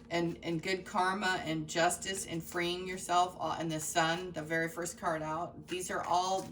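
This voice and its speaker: A tarot reader with a low-ish, fairly bright voice, recorded far from the mic, gives a heartfelt and emotional reading. She speaks directly to her viewers, with many fillers and restarts.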